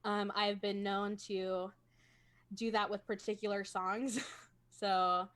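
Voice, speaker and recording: A woman's voice: mid-range voice, little pitch movement, slow pace, fairly bright tone, smooth. Chatty woman gamer, laughing often. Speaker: role-playing game player. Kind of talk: casual chat on a video call. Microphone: home streaming microphone.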